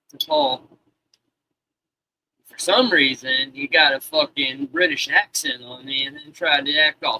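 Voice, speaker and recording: A live streamer in his thirties rambles to his chat, swearing heavily and starting sentences over. His slightly high voice sounds pushed and bright, and the rough recording carries some hiss or hum.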